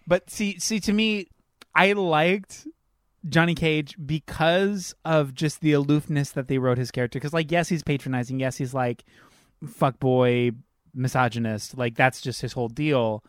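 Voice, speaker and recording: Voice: mid-range voice, steady tone, measured pace, no echo, clean studio sound. A podcast co-host in casual chat, thoughtfully analyzing a film's characters and often hedging with "I do think". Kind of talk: casual film critique chat.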